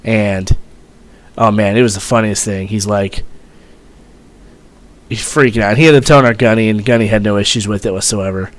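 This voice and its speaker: A man's voice: fairly low pitch, fairly even intonation, moderate pace. A young man casually telling a rambling, profane story as a vlogger, full of fillers and swearing.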